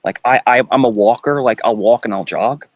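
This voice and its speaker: A man's voice: medium pitch, a little fast, no echo, lo-fi sound. A man from Queens, New York, talking in a loose, rambling way on a live-stream chat. He repeats words and restarts often, and his voice sits in an ordinary middle range. The sound is dry and close, with no room around it. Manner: rambling, repeats himself, animated.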